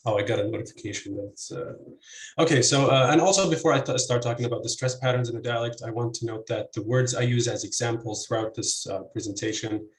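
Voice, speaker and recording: A man's voice: medium pitch, fast talker. A man giving an academic linguistics presentation over a video call, hesitant, with many fillers and restarts. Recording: echoey room, faint noise.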